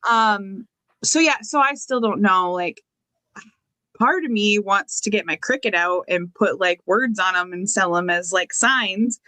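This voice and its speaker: A woman's voice: medium pitch, unhurried, bright, forceful tone, no room sound. A woman co-hosting a casual chat, rambling and enthusiastic with many fillers. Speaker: co-host.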